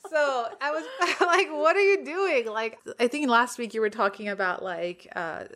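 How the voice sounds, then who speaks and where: Speaking at a moderate pace in a voice on the high side, a podcast co-host tells an animated story in casual conversation. She laughs often and acts out the quotes of the people involved.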